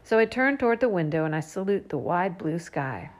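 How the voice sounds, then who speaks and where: A woman narrating a first-person children's story in a lively, expressive way. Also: fairly low pitch, a little fast. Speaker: audiobook narrator.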